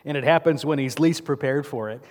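A man's voice: fairly high pitch, a little fast, darkish tone. A male pastor preaching a sermon in a church sanctuary. He tells the story vividly and keeps asking the congregation rhetorical questions. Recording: long church reverb.

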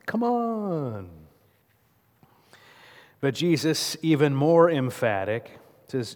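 A man's voice: on the high side, very animated, drawn-out words, long pauses, darkish tone. A male pastor preaching a sermon in a church sanctuary. He tells the story vividly and keeps asking the congregation rhetorical questions. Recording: long church reverb.

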